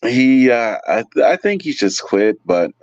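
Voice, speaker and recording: A man from California, a restaurant waiter, telling stories in an animated, swearing way full of "like" fillers. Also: medium pitch, measured pace, no room sound, muffled recording. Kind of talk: casual storytelling.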